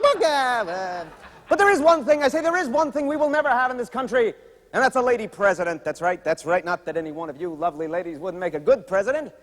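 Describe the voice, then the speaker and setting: A brash vaudeville comic on stage. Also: male voice, sits high, a bit bright. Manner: wisecracking, hammy, bursts of silly noises. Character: brash old-time male vaudeville stand-up comic. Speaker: stage actor. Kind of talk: vaudeville comedy routine in a stage musical. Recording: stage recording with long hall reverb.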